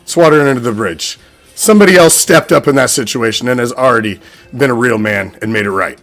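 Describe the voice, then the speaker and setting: A man's voice: medium pitch, fairly quick, a bit bright, faint music behind. A man hosting a fan show, ranting in a heated, profane, repetitive way. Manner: profane, heated, repeats himself. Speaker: podcast host, sports fan. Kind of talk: unscripted fan rant.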